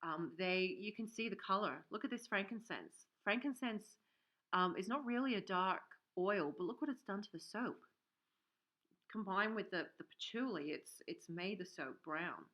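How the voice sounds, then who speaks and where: A woman's voice: mid-range voice, lively intonation, normal speed, a bit bright. A woman hosting a casual livestream from her workshop, chatting in a rambling way with many fillers and reading out viewer comments. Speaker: livestream host and soap maker. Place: home workshop. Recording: dull, lo-fi stream audio.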